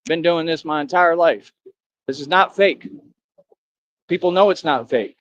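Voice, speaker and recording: A man's voice: a little high, measured pace, fairly bright tone, no room sound. Man streamer, rambling and defiant, lo-fi dull sound. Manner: defiant, preachy, repetitive. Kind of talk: rambling monologue to viewers.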